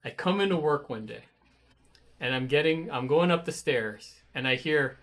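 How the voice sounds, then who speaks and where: Animated man telling a workplace story. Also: medium pitch, moderate pace. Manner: animated storyteller, swears, acts out his own angry outbursts. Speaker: guest, web designer. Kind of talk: casual studio chat.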